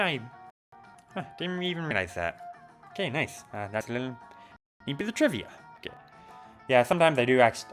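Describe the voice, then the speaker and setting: A man's voice: on the low side, a bit bright. A man streaming a video game, chatting casually and reading the text aloud. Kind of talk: let's play commentary.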